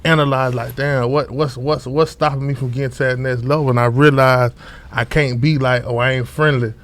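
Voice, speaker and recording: A man's voice: medium pitch, fairly even intonation, fairly quick, fairly bright tone. A young man from Orlando, a rapper guest, talking loosely in street slang with many fillers and repeated words. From Orlando, Florida. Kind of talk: casual interview talk.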